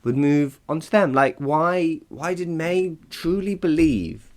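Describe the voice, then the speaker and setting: A man's voice: a little high, takes it slowly, darkish tone. A man hosting a casual solo podcast, chatty and rambling, laughing often and poking fun at himself. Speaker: podcast host.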